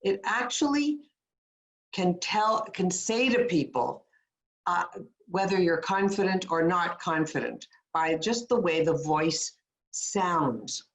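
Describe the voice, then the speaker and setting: A woman's voice: fairly low pitch, lively intonation, slow, reverberant. A woman coaching a webinar audience on voice, explaining with demonstrations and encouraging tips. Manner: demonstrative, gives upbeat guided tips. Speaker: communication coach.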